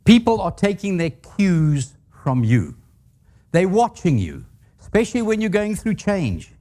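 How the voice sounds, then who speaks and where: A man's voice: high voice, huge pitch swings, measured pace, dark tone. An older man giving a leadership talk to a live audience, telling stories with humor and asking the audience questions. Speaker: guest speaker.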